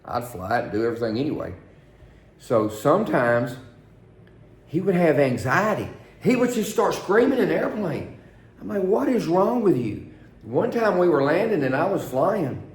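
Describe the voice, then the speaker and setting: A man's voice: on the high side, very animated, moderate pace, echoey room. A man who works as a pilot, telling stories casually and animatedly, acting out the quoted dialogue. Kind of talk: casual storytelling.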